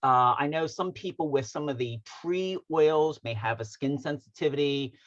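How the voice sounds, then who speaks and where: A man's voice: on the high side, normal speed, dull audio. A man co-hosting an online wellness talk, upbeat and affirming. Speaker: co-host.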